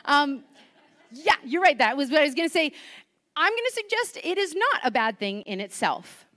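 A woman giving a sermon in church, chatty and lively, asking the congregation questions. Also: high voice, moderate pace. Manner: lively, conversational, asks the audience questions. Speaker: preacher.

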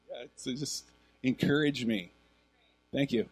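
A middle-aged man delivers a sermon as a pastor. His voice sits a little high for a man. He tells stories in an animated, conversational way. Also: measured pace.

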